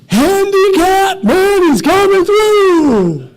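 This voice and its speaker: A man's voice: quick pace, a crowd in the background, natural voice. Een man die speelt een luidruchtige, vriendelijke grote kerel. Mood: shouting. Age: 40s. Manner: booming shout. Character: big, loud, friendly New Orleans man.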